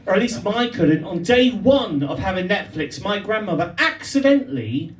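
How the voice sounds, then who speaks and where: A man's voice: sits high, moderate pace, a little hiss or hum. A young man doing a stand-up comedy set, telling stories that build to punchlines. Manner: animated storytelling with punchlines. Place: pub venue with live audience. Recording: echoey live room from far off. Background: audience laughter.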